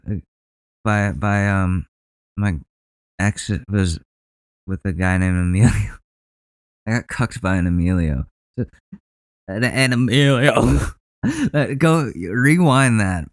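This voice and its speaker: A podcast host in a casual, rambling rant, joking and often trailing off. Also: male voice, fairly low pitch, clean tone, no echo.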